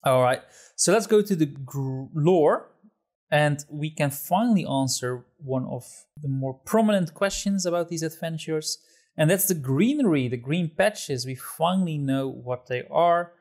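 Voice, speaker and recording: A podcast host with a slightly high, darkish voice talks in an animated but somewhat slow way. He steers the topics of a casual chat, stays agreeable, and laughs often, with plenty of fillers.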